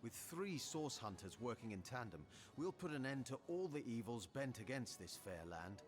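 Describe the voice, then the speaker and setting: A man's voice: mid-range voice, very animated, moderate pace, soft background music, close to an everyday voice. A man voicing an upright heroic hunter in a video game, earnest and resolute.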